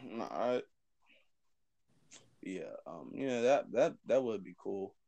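A young man co-hosting a casual podcast, his low voice rising and falling widely. He answers in short, teasing bits. The recording is dry and close-miked. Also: expressive, slow, vocal fry, mellow, no room sound. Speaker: podcast co-host. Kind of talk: casual unscripted chat.

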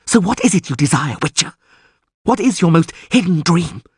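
An imperious sorceress, cold and tempting, presses her questions in a hissing, insistent tone, put on by a male storybook reader. The voice sits well above his own and stays husky. The reading is close and dry. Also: on the high side, very animated, moderate pace, no echo, voice pushed up, full character voice.

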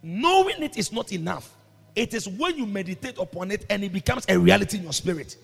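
A man preaching a sermon as pastor, breaking into shouts and sung phrases, recorded in a reverberant church hall with music behind. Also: high-pitched, lively intonation, a little fast, vocal fry, husky.

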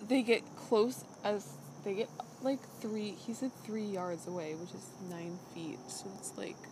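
A woman's voice: medium pitch, a little slow, background noise. Chatty woman retelling a story. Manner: chatty, animated retelling with quoted asides. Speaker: podcast co-host recapping a show. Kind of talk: casual chat.

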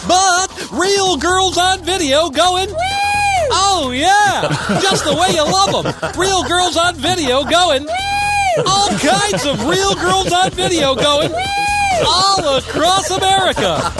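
A man playing an overexcited pitchman in a shouted comedy parody ad. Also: heavily acted. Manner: shouting, relentless hard sell. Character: frantic, overexcited adult male infomercial pitchman. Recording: over loud music and crowd.

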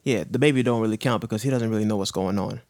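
A man's voice: on the low side, racing, a little mellow, no room sound. Earnest man, choked up, dry close mic. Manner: earnest, emotional, urges listeners with slang and profanity. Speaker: guest sharing his cancer diagnosis. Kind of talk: candid podcast conversation.

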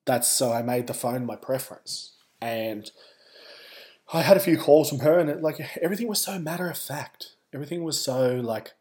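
Casting: Australian male podcast host, candid and wry, mid-pitch, loose rambling storytelling. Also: animated, normal speed, darkish tone. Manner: candid and wry, wandering asides. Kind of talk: casual personal storytelling.

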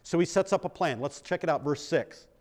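A man's voice: a little high, fairly quick. A man, a pastor, teaching a Bible study in a conversational way, often checking in with the group and poking fun at himself. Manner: self-deprecating humor.

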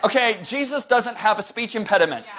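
A man preaching a sermon, animated and joking, shouting some words for emphasis and rambling with restarts. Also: high voice, a little fast, crowd noise. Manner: rambling with restarts, jokey asides.

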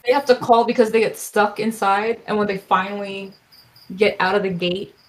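Woman, tabletop player, casual, swears a lot, medium pitch. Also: normal speed, rough recording. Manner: animated, swears freely. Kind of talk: casual chat at a game table.

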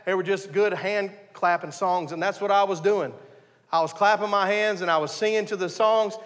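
High-voiced pastor, reverberant hall. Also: male voice, fairly even intonation, moderate pace. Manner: earnest storytelling with frequent restarts. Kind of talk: conversational sermon.

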